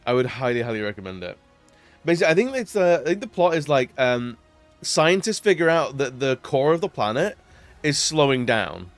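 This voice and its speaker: A man's voice: mid-range voice, big pitch swings, brisk, faint music behind. A man chatting casually on a live stream while gaming, rambling with lots of fillers and frequent laughs.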